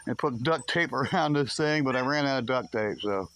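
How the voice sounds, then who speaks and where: A man's voice: mid-range voice, lively intonation, moderate pace. A middle-aged man in a casual backyard vlog, chatty and easygoing, chuckling often and cooing to his rescue dogs. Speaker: garage owner showing his rescue dogs. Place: overgrown backyard with dog pens, outdoors. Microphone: camera on a swinging makeshift mount. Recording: noisy outdoor audio with dogs barking.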